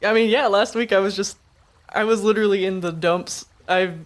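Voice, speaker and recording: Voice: mid-range voice, steady tone, moderate pace. A player in a tabletop game chatting casually and laughing often. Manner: laid-back, laughing.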